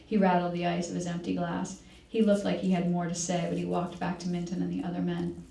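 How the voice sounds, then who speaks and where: A woman reading from a novel at a library event, her voice low with a gravelly fry. She reads in a measured way and corrects herself now and then. She sounds distant in an echoey room. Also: completely flat delivery, warm tone. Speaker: author reading.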